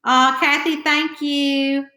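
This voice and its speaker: Woman, Southern hillbilly twang, chatty live-stream host, fairly high voice, roomy echo. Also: little pitch movement, slow, pushed and bright. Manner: chatty, greets viewers by name, nervous. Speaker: author hosting a live stream. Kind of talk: casual live-stream chat with viewers. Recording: echoey room.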